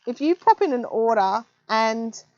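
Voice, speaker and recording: A woman chats through a home craft live stream, reading out viewer comments with plenty of ums. Her voice sits a little high for a woman. The audio is slightly dull and lo-fi. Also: lively intonation, measured pace, no echo. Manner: chatty, reads viewer comments aloud, many ums. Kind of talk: casual live-stream chat.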